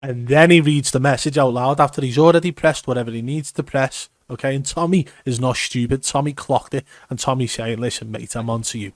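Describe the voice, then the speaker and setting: A man talks over game footage and explains each move with insistent emphasis. His voice sits at an ordinary pitch and is recorded close and dry, with no room sound. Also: a little fast, hardly any pauses, no room sound. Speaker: gaming commentator. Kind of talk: video breakdown commentary.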